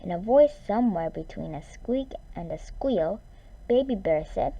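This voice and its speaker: A woman reading a children's story aloud in an expressive, drawn-out way. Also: medium pitch, husky, highs cut off.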